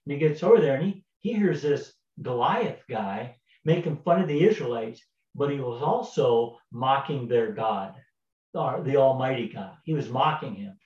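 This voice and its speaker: A man's voice: medium pitch, expressive, normal speed, darkish tone. A man casually retelling a Bible story in a folksy way, with fillers and repeated words. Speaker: Bible teacher. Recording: roomy, distant, dull sound.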